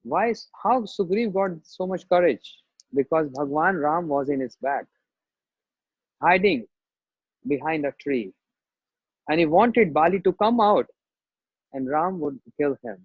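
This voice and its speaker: A man's voice: on the high side, expressive, slightly rough, no echo. A man, telling a sacred story as a spiritual teacher and acting out its voices. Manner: slow, acts out the story's voices. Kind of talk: storytelling sermon. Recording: dull, dry lo-fi recording.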